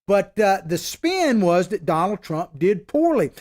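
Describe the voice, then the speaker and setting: A man with a fairly high voice holds forth on a political talk show. He is opinionated and emphatic but stays conversational, like a middle-aged host talking straight to his regular viewers. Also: sing-song, unhurried, a little mellow. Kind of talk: casual political commentary.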